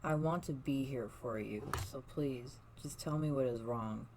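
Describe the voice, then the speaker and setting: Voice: medium pitch, measured pace, background noise, lightly acted. A narrator reading the lines of a worried young male hedgehog hero in a fan story, pleading and anxious.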